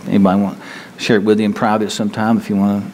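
Halting conversational male preacher. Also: on the low side, little pitch movement, a little mellow, big-room sound, slight background noise. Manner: conversational, halting with repeated restarts. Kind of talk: sermon.

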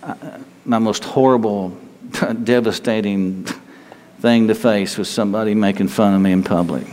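A man preaching a sermon in a conversational, halting way, often restarting his sentences. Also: on the low side, fairly even intonation, darkish tone, in a large hall, slight background noise.

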